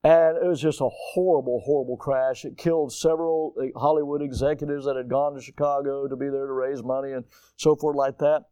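An older man preaching a sermon as a pastor, dramatic and swinging from quiet, low lines to sudden loud, high cries for emphasis. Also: fairly even intonation, a little fast, clear, resonant tone, dry recording. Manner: dramatic, rising to near-shouts for emphasis.

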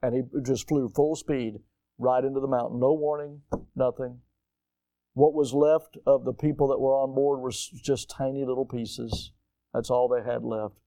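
An older man preaching a sermon as a pastor, dramatic and swinging from quiet, low lines to sudden loud, high cries for emphasis. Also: fairly even intonation, moderate pace, dry recording. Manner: dramatic, rising to near-shouts for emphasis.

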